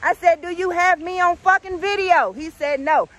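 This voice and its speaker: A woman in her thirties telling a story in a casual vlog outdoors, animated and profane, calling viewers honey and y'all. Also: extremely high pitch, normal speed, dry recording. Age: 30s.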